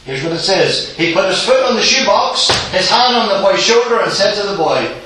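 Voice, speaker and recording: A man preaching a sermon in a church, telling the story with animated acted-out voices. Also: high voice, normal speed, few pauses. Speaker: visiting preacher. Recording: roomy echo, distant mic, faint hiss.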